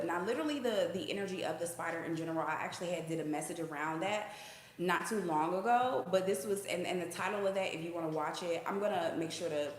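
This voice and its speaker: A woman's voice: fairly low pitch, a little hiss or hum. A woman hosting a casual spiritual reading, talking to viewers in a slangy, chatty way and often checking in with "okay?". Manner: breaks into sung snippets. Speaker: intuitive reader, channel host. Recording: echoey room.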